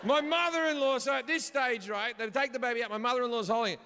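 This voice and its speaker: Speaking at a quick pace in an extremely high, sharp voice, a middle-aged man does stand-up in front of a live audience. The stories are brash and full of profanity, with live hall reverb and audience noise in the recording.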